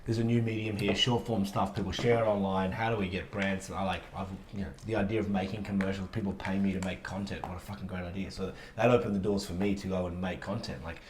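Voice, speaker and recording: A man's voice: low-pitched, flat delivery, quick pace, hardly any pauses, a little hiss or hum. A man who makes commercials, telling stories in a laid-back casual chat and swearing now and then. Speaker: guest filmmaker, commercials director.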